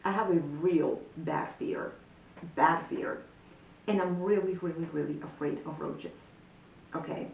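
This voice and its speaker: A woman giving a casual tarot reading, talking in a chatty, animated way with many fillers. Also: measured pace, recorded from a distance, highs cut off. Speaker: tarot reader. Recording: echoey room, voice a bit off-mic, faint rumble.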